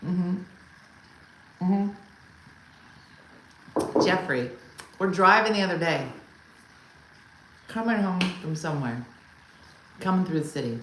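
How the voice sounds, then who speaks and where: A woman's voice: fairly low pitch, lively intonation, slow, pauses often. A woman hosting a casual live comedy stream. She chats with viewers and tells wry, exasperated stories about her partner. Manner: chatty storyteller who answers viewer comments; wry and exasperated, imitates her husband loudly. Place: home room for a live stream. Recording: echoey room with faint ambient hum.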